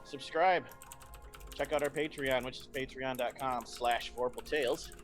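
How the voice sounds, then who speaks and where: A man running a tabletop horror game with a theatrical, spooky storyteller's delivery. His voice sits at an ordinary mid pitch. Faint music plays underneath. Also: fairly even intonation, a little slow. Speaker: game director. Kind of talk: horror show host intro.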